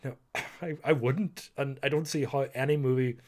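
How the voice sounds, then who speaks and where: A man's voice: mid-range voice, steady tone, moderate pace, a little mellow. A young man from Northern Ireland telling a true story in a chatty, rambling way. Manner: chatty and rambling, frequent "like" and "you know". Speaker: history storyteller host. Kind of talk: casual storytelling monologue.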